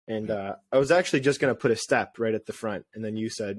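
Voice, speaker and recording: A man co-hosting a casual podcast, telling rambling, self-deprecating stories in an animated way. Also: on the low side, quick pace, few pauses, no room sound. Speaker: podcast co-host. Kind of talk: casual chat.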